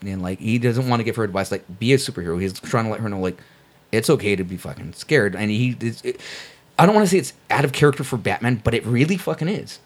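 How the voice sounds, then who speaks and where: A man casually reviewing comic books on a podcast, relaxed and profane, saying "dude" often. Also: fairly low pitch, fast. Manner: laid-back, swears a lot, says dude. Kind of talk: casual chat.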